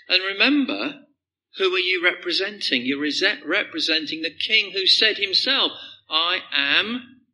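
Bright-voiced man preaching a sermon. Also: sits high, low-quality recording. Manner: conversational, animated, drops to soft emphasis on key phrases.

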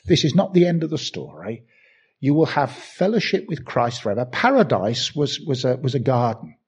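A man's voice: mid-range voice, darkish tone, slightly rough. An older man from England with a Birmingham accent, preaching a sermon with emphatic repetition and self-deprecating asides.

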